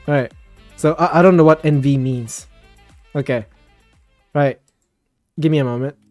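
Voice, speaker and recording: A man's voice: on the high side, slow pace, pauses often, darkish tone, no room sound, faint music behind. A man hosting a casual voice chat, ranting with plenty of swearing and laughter.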